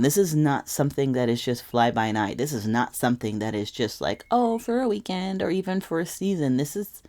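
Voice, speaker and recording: A woman's voice: low-pitched, a little mellow. A woman giving a casual tarot reading to camera, rambling and emotional, often correcting herself mid-sentence. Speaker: tarot reader.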